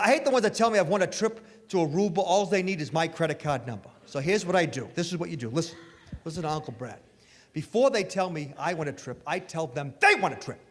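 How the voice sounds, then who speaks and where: A middle-aged man performing a stand-up comedy set with animated, punchy storytelling, recorded live on stage. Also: high-pitched. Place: comedy stage before an audience. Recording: live hall with reverb, faint noise.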